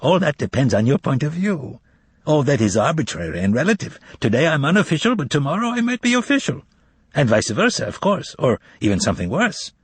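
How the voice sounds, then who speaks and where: A man's voice: fairly high pitch, big pitch swings, brisk, breathy edge, no room sound, voice pushed up. A man voicing a bombastic, fawning male con-man interpreter who speaks in a quavering tenor with a confiding, evasive manner. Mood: wheedling.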